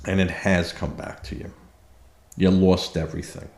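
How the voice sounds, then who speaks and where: A man's voice: low-pitched, level tone, normal speed, darkish tone, reverberant. A man hosting a political commentary show, talking indignantly and sarcastically, with many fillers and restarts. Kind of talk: opinion commentary monologue.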